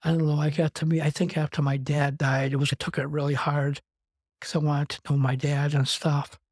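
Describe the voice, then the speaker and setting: Interview guest: man from Wisconsin, slightly high, steady voice, recounting his life in a loose, run-on way. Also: fairly quick, no echo. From Wisconsin, USA. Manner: rambling, conversational, strings clauses with "and". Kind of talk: personal storytelling in an interview.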